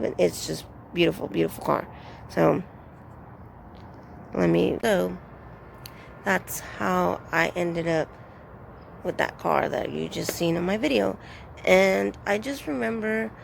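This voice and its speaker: A woman's voice: fairly low pitch, creaky, a little mellow, a little hiss or hum. A woman rambling through a casual vlog outdoors, telling her story in a chatty way with lots of fillers. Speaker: vlogger.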